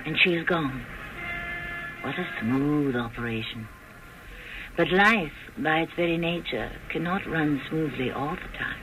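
A man hosting a radio drama, narrating in a measured, declamatory style. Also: on the high side, over music, rough recording.

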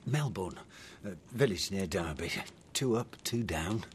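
An actor from the English Midlands playing a polite, hesitant screenwriter in a radio drama. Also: male voice, sits low, animated, unhurried, slight background noise. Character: modest young male screenwriter interviewing an older woman.

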